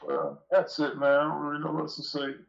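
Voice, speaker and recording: A man calls into a show and tells a long, rambling, profane story with an aggrieved edge. His voice sits a little high for a man. The call audio is dull and lo-fi. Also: monotone, fast talker, vocal fry. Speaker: call-in guest. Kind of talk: casual storytelling. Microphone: phone call.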